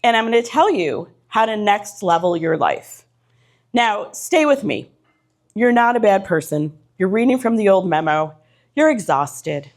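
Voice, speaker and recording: A woman's voice: medium pitch, sing-song, measured pace. A middle-aged woman giving a motivational talk to a live audience in an event room, punchy and direct, stacking short repeated phrases. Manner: punchy, direct, repetitive lists. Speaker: keynote speaker.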